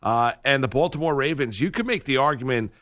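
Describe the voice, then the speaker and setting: Bright-voiced male sports radio host. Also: mid-range voice, lively intonation, a little fast. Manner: rambling, self-correcting, laughs often. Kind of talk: casual sports radio talk.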